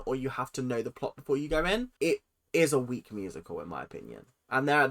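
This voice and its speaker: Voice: medium pitch, a bit bright. A reaction video host with a British accent, ranting dramatically in casual commentary.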